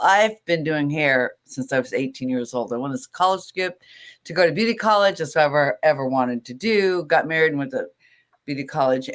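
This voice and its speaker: A middle-aged woman, an image stylist, telling her story in a casual interview, laughing often and acting out the voices of people she quotes. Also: low voice.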